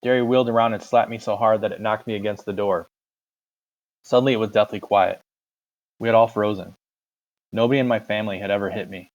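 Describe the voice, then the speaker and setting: Low-voiced man reading a novel aloud. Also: steady tone, fast talker, long pauses, muffled recording. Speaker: audiobook reader.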